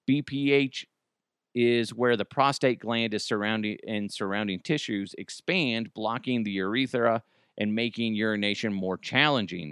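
A man's voice: fairly low pitch, clear, resonant tone, no echo, studio quality. A man hosting a comedy news podcast, talking in a casual joking way with sudden swearing outbursts, at home. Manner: animated, swears, jokey outbursts. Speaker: podcast host.

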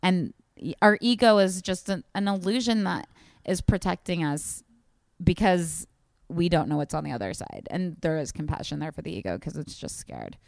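A young woman with a lowish voice, talking in a relaxed, reflective way about inner life and cracking light jokes. Her voice sounds dry and close to the mic, with no room around it. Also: moderate pace, vocal fry, dry recording. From Kansas. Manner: reflective, spiritual talk with playful jokes. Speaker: podcast co-host. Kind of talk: casual chat.

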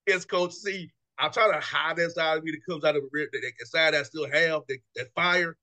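A man hosting a casual talk show, relaxed and chummy, laughing between his lines. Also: fairly high pitch, normal speed. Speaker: show host. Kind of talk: casual interview chat.

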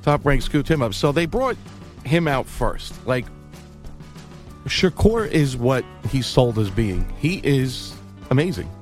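A man's voice: medium pitch, big pitch swings, slow pace, faint music behind. A man co-hosting a boxing podcast, giving blunt, emphatic opinions in casual chat.

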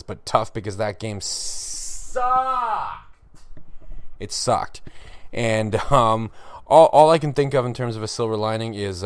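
A man's voice: fairly low pitch, smooth, no room sound. A man hosting a solo hockey podcast, talking candidly and wryly with lots of fillers and restarts. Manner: candid, wry, self-deprecating, with frequent fillers. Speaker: podcast host. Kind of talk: solo sports podcast commentary.

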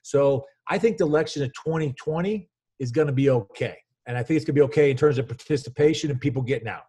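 A man in his fifties, a college basketball coach, telling stories in an energetic, rambling way with many restarts. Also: mid-range voice, quick pace, husky. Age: 50s. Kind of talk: casual storytelling interview.

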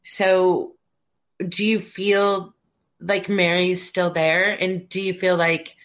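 A woman's voice: lowish voice, fairly bright tone. A woman hosting an interview, asking chatty, candid questions. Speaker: podcast host.

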